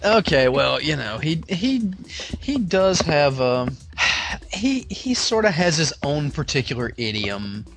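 Slangy, easygoing male podcast co-host, slightly high voice. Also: very animated, takes it slowly, gravelly, a bit bright, faint music behind. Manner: laid-back, teasing, slangy. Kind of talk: casual chat.

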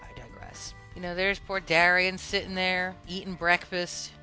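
A woman hosting a podcast, telling comic game stories in an animated, joking way. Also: fairly low pitch, unhurried, faint music behind. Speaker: podcast host.

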